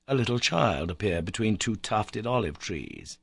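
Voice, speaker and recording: A man narrating a classic novel in the first person, measured and expressive. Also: fairly low pitch, vocal fry, breathy edge, no room sound, clean studio sound. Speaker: audiobook narrator.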